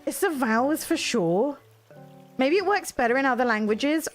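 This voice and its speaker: A woman chats casually on a live game stream, answering viewers as she goes. Her voice sits high and swings widely up and down. Faint music plays behind her. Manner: chatty, reacts to viewers' comments. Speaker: streamer playing a video game.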